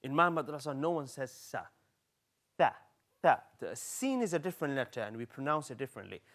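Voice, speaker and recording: A young man teaching children on a live TV lesson, coaxing them through slow, exaggerated sound drills. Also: mid-range voice. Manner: lively, coaxing, speaks directly to kids.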